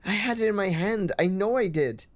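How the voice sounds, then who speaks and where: A woman's voice: mid-range voice, expressive, normal speed, a little hiss or hum, voice pushed up, lightly acted. A woman voicing an anxious teenage schoolgirl who talks in a worried, pleading way. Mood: distressed.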